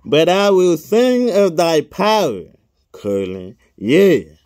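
Slow, animated man reading scripture aloud. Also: a little high, no room sound, clean studio sound. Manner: reads each punctuation mark aloud, adds casual asides. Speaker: scripture reader.

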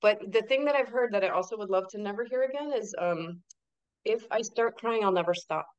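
A woman speaking as a podcast guest and author in casual interview chat, emphatic and animated, often asking rhetorical questions. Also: medium pitch, a little fast, lo-fi sound.

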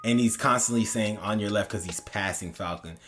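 A man with a somewhat low voice co-hosting a podcast, speaking casually and thoughtfully as he weighs his opinions. Music can be clearly heard behind him. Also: fairly quick. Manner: reflective, defends his opinions, gets excited and laughs. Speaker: podcast co-host. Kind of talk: casual chat.

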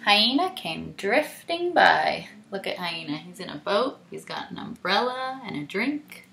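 A woman teacher reads a picture book aloud to children, animated and stopping to ask what they think. She goes slowly with a lively, wide-ranging pitch and a gravelly texture. Her voice sounds roomy and echoey. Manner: animated, asks the listener questions. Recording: roomy echo.

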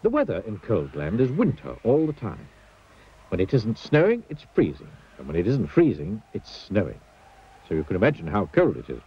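A man reads a children's story aloud in a husky voice. His pitch swings widely as he plays with the words. The recording is muffled and lo-fi. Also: normal speed. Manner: expressive, playful sing-song storytelling. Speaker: narrator.

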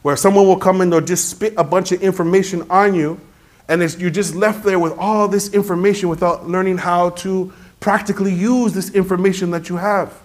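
A male preacher with a slightly higher voice delivers an emphatic, animated sermon. He tells stories and drops Arabic phrases into his English, addressing the congregation as brothers. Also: fairly quick.

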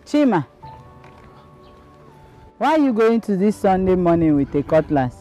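A woman's voice: fairly low pitch, very animated, measured pace, warm tone, soft background music. An actress with a Nigerian accent playing an anxious young woman asking about a man.

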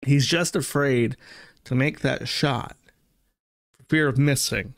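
Slow, crude, mocking male streamer. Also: medium pitch, fairly even intonation, no echo, studio quality. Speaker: streaming show host. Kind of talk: ranting commentary to chat.

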